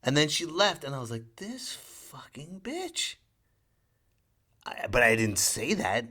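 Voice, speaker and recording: Brisk and expressive, this podcast host speaks at a medium pitch with a bright, forceful tone. He's a father, young adult to middle-aged, rambling through a sarcastic funny story and performing the quotes in it.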